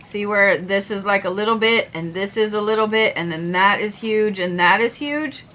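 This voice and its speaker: Grumbling bright-voiced woman streamer. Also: mid-range voice, moderate pace, a little hiss or hum, low-quality recording. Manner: grumbling, profane, drifts between loud and mumbled. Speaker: astrology streamer. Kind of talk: casual livestream chat.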